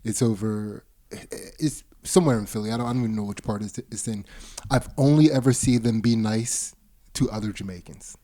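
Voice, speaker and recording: A man hosting a comedy podcast, joking in quick casual banter with laughs. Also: on the low side, fairly even intonation, dark tone. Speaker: podcast host.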